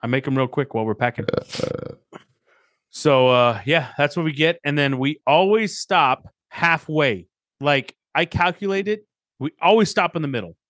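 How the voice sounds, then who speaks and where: A man's voice: on the high side, a bit bright, no room sound. A man in his thirties co-hosting a podcast, chatting casually and telling joking stories where he acts out what other people said. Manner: storytelling, joking, acts out quotes. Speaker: podcast co-host. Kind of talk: casual chat.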